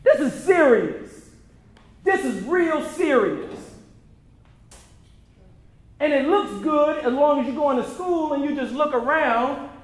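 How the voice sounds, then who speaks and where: A man with a very high speaking voice delivers an impassioned motivational talk, pressing each point with preacherly, emphatic repetition. His words ring out in a roomy, echoing hall. He speaks to the crowd at a screening like a sermon. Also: lively intonation, takes it slowly, long pauses. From United States. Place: event venue before an audience.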